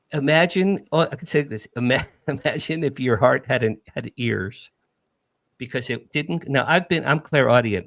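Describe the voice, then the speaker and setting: A middle-aged man from New Jersey, a podcast guest, telling an emotional first-person story with animated, emphatic repetition. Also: medium pitch, gravelly, dry recording.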